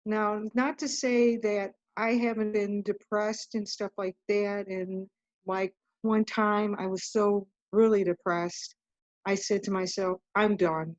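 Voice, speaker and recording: A woman's voice: medium pitch, little pitch movement, slow, dry recording. A woman guest telling her story in an interview, earnest and rambling, often breaking off and restarting. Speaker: guest author. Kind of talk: casual interview talk. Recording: dull, muffled lo-fi audio.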